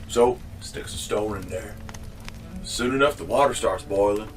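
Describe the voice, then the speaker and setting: A man's voice: fairly low pitch, measured pace, recorded from a distance, faint music behind. A man casually telling a comedic story, rambling with restarts and mild swearing.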